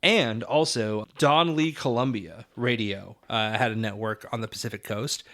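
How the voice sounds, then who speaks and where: A man's voice: on the low side, normal speed, fairly bright tone. A man co-hosting a film-history podcast in a casual, thoughtful way, with fillers now and then. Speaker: podcast co-host.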